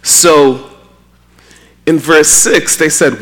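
A man from Trinidad preaching a sermon, animated and acting out quotes with a raised voice. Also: fairly high pitch, a little slow.

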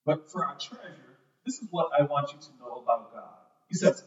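With fairly high pitch and lively intonation, this man preaches at a moderate pace with few pauses, reading scripture and talking conversationally, repeating words and adding asides. The audio is dull and distant, with echo from the hall.

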